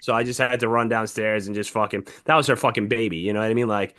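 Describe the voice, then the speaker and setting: A man's voice: fairly low pitch, steady tone, quick pace, fairly bright tone. A young man, a podcast co-host, telling an emotional story in casual chat, swearing heavily as he talks.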